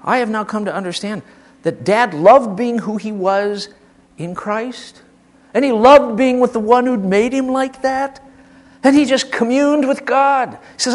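An older man from the Midwest, preaching a sermon in an impassioned, emphatic way, swinging from hushed asides to loud declarations. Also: extremely high pitch, measured pace. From American Midwest.

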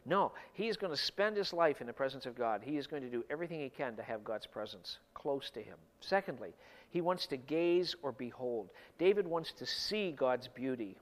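A middle-aged man preaching a sermon, swinging between emphatic bursts and hushed, slow stretches. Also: mid-range voice. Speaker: pastor. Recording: long hall reverb.

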